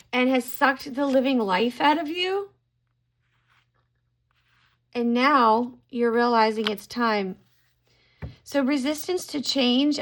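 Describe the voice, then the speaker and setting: Middle-aged tarot reader lady, kinda high voice, thinks out loud, gets excited over the cards. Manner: musing, exclaims at cards. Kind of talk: casual tarot reading to camera.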